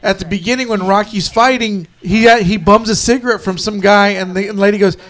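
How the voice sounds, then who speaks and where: A man's voice: high voice, steady tone, fairly quick, a bit bright. A middle-aged man chatting casually while watching a film, telling stories and laughing often. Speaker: co-host reacting to a film. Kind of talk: casual watch-along chat.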